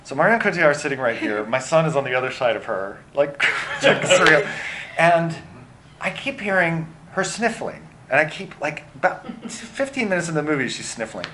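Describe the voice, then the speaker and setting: A middle-aged man, a film director, answering interview questions in an animated way with many fillers and restarts. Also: fairly high pitch, moderate pace, background noise.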